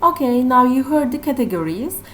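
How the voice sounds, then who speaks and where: A woman teacher with a Turkish accent who explains English vocabulary slowly, repeating each word and stressing its syllables. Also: high-pitched, big pitch swings, a bit bright, a little hiss or hum. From Turkey. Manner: slow and repetitive, stressing syllables. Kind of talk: classroom vocabulary lesson.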